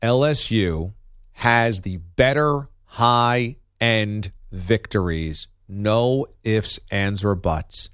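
A man's voice: on the low side, fairly bright tone, smooth, dry recording, clean studio sound. A man giving opinionated sports commentary as a radio host, emphatic and argumentative, hammering points with punchy repetition.

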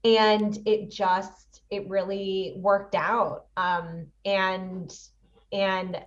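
A woman's voice: medium pitch, level tone, extremely slow, distant mic, muffled recording. A woman in her thirties, an actress and producer, chatting animatedly as an interview guest and laughing often. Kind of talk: casual interview chat.

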